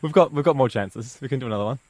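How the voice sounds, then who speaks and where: A man co-hosting a breakfast radio show, teasing in a deadpan, unexcited way. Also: medium pitch, rapid-fire, dry recording.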